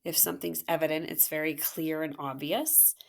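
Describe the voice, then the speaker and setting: Woman teacher, low gravelly voice, slow and patient, phonics walkthrough. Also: flat delivery. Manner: patient, encouraging, sounds out words slowly.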